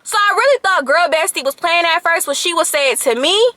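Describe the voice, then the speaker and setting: A 21-year-old woman vlogger telling a casual storytime in an animated, slangy, sassy way. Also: very high-pitched, a little fast, no room sound.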